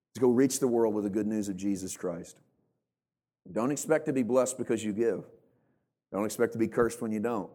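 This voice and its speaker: A pastor with a fairly low, slightly mellow voice gives a humorous sermon in church. Mocking himself along the way, he acts out members of the congregation in assumed voices.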